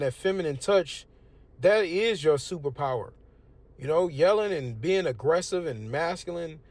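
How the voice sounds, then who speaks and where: A man's voice: mid-range voice, darkish tone. A young man from the United States giving a casual religious testimony, preachy and conversational. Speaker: testimonial speaker.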